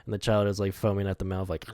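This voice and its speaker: A young man with a low-pitched voice gives casual commentary on his own storyboards. He rambles, laughs often, swears and leans on "like" constantly. The recording is close and dry, with no room sound. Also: monotone, fast, mellow, no room sound. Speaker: animator walking through his storyboards.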